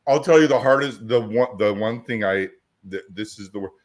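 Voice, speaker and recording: This podcast host, a business coach, speaks a little fast in a lowish voice. He chats casually about coaching and tells stories, acting out both sides of each dialogue.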